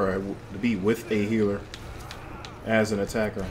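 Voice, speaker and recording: A man's voice: fairly low pitch, level tone, moderate pace, a little hiss or hum. A young man giving loose, slangy commentary to himself while playing a shooter game. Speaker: gaming channel host. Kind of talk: casual gameplay commentary.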